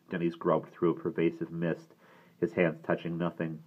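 A man narrating a novel aloud in a steady, expressive manner. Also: low-pitched, moderate pace. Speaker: reader. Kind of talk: audiobook reading. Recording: tinny phone-like sound.

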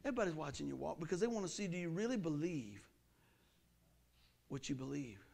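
A middle-aged man preaching a sermon in a folksy, animated way, his pitch and volume jumping often. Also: brisk, creaky. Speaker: pastor.

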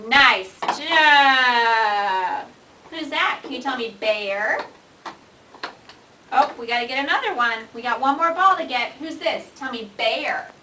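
Woman, speech therapist, sing-song coaxing voice, slow and clear for a child; echoey room, far camera, noisy home video. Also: sits high, lively intonation, pushed and bright. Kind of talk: coaching a child to say words.

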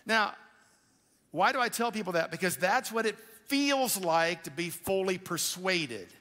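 A male pastor preaching a sermon in a conversational, animated way, with quick asides to the congregation. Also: high voice. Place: church auditorium. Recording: live church hall with long reverb.

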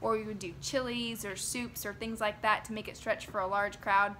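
Bright-voiced young mother reminiscing earnestly. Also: medium pitch, steady tone, moderate pace, a little hiss or hum. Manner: earnest, reflective and gentle storytelling. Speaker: mother sharing family memories. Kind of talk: personal reminiscence to camera. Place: at home.

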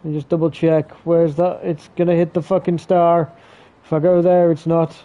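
A man commentating his own video game play on a live stream, swearing often and getting excitable. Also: fairly high pitch, moderate pace, lo-fi sound. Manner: sweary, excitable, talks to himself while playing.

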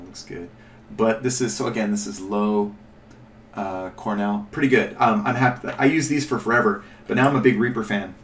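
A fairly low-pitched man chats his way through an informal miniature painting tutorial, thinking aloud, drifting off topic and correcting himself. Slight background noise is present, and the mic sits at a distance in an echoey space.

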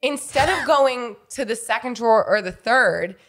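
A woman's voice: a little high, animated, moderate pace, a bit bright. Teasing young woman podcast co-host. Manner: teasing, laughing, swears freely. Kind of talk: casual bickering chat.

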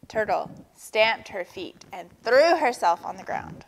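Woman reading a children's story slowly. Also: medium pitch, gravelly, poor audio. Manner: slow expressive reading to children. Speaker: children's story reader at a church. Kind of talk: reading a picture book aloud.

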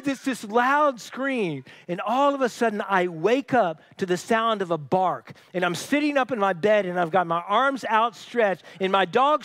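High-voiced pastor preaching, dry sound. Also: male voice, a bit bright, no echo. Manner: conversational storytelling with frequent restarts. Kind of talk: sermon. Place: church.

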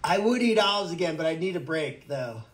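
A man's voice: fairly high pitch, lively intonation, fairly quick. A man hosting a casual livestream from an animal sanctuary, answering viewer comments in a joking, rambling way with stammered restarts.

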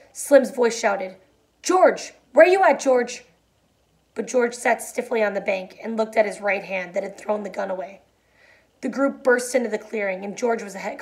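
A woman reads a novel chapter aloud in a quiet, even voice that drops low on the somber lines. When she finishes, she explains the ending in a chatty way, with fillers and restarts. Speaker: teacher reading a novel aloud. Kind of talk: read-aloud and plain explanation.

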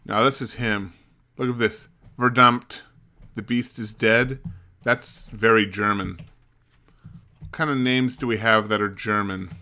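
Bright-voiced male game streamer. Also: lowish voice, steady tone, unhurried. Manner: thinking aloud, muttering while puzzling. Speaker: streamer playing a mystery game. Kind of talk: casual let's-play commentary.

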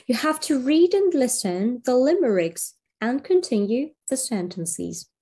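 A woman teacher giving a slow, clear video English lesson. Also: on the high side, sing-song, warm tone. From Belarus. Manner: slow, clear classroom delivery.

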